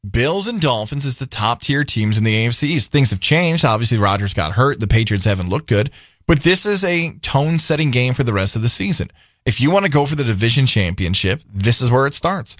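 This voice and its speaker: A man's voice: mid-range voice, animated, fairly quick, a bit bright, no room sound, studio quality. A man co-hosting a sports radio show, playful and jokey, breaking down upcoming games in casual chat. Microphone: studio microphone.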